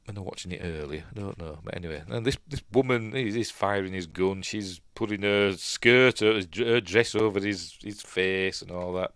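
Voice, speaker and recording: A man's voice: low voice, normal speed, hardly any pauses, a bit bright, clear, resonant tone, dry recording. A man with a Yorkshire accent giving casual, rambling commentary on a film as he watches, chatty and prone to tangents. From Yorkshire, England. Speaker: film reviewer, channel host.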